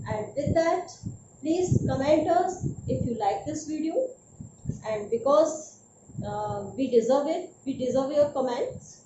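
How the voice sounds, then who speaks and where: A woman teacher giving a vocabulary lesson, repeating each word and often checking in with her students. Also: high voice. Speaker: English teacher. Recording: roomy, distant, dull, noisy recording.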